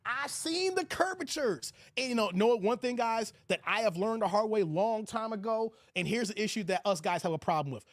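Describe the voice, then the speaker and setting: A man hosting a livestream, giving loud, crude commentary and reading out his chat. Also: high voice, lively intonation, normal speed, few pauses, no room sound, clean studio sound. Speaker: host of a livestream commentary show.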